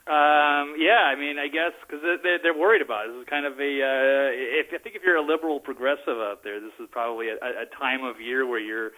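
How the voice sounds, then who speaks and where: A male guest calling in by phone to talk politics. His voice is bright and clear, and he keeps pausing on uh and um and laughing lightly. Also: medium pitch, steady tone, low-quality recording. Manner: hesitant, many fillers, chuckles often. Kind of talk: casual political chat. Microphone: phone call.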